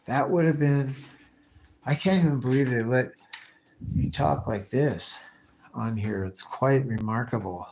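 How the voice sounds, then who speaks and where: A man's voice: medium pitch, unhurried, gravelly, pauses often, darkish tone, a little hiss or hum. A man live streaming, chatting casually with his viewers and answering their comments in a rambling, slang-heavy, profane way with many restarts.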